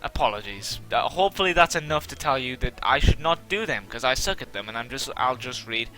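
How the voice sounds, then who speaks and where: Let's-play host, male, mid pitch, bright voice, rambling and self-deprecating commentary. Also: fairly quick, few pauses, faint music behind. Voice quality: somewhat monotone. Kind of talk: casual gameplay commentary.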